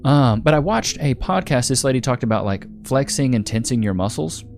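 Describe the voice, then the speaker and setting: A man's voice: medium pitch, animated, brisk, gravelly, darkish tone, faint music behind. A man hosting a livestream, chatting casually and rambling as he thanks viewers and reads their donations, laughing often. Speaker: livestream host.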